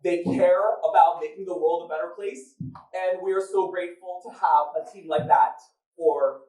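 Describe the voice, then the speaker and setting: A man's voice: high-pitched, steady tone, moderate pace, warm tone. A man hosting a live event before an audience, telling his story with jokes and laughing at his own lines. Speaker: event moderator and host. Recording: echoey room recorded from a distance.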